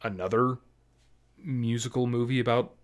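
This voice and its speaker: A man's voice: medium pitch, steady tone, normal speed. A man co-hosting a movie review chat, talking casually with lots of fillers and restarts. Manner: rambling, filler-heavy, many likes and ums. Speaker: movie review podcast co-host.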